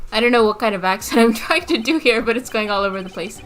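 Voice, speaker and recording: A woman's voice: fairly high pitch, lively intonation, fast talker, few pauses, fairly bright tone. A young woman streamer giving casual, self-deprecating commentary while playing a game. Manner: chatty, giggly, self-deprecating.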